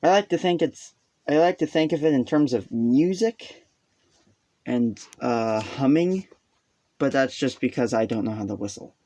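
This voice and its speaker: A man talks through his self-taught notes in an unhurried, meandering way. His voice sits at an ordinary pitch, and he trips over himself, pokes fun at his own gaps and sounds out vowels mid-sentence. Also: expressive, warm tone. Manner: rambling, hesitant, self-deprecating; sounds out vowels aloud while explaining. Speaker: hobbyist explaining a language. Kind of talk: casual self-taught explainer.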